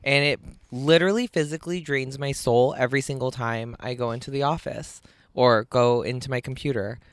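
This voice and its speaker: A woman's voice: very deep voice, a little fast, clear, resonant tone, no room sound. Chatty self-mocking woman podcaster. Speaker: comedian and podcast co-host. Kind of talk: casual podcast chat.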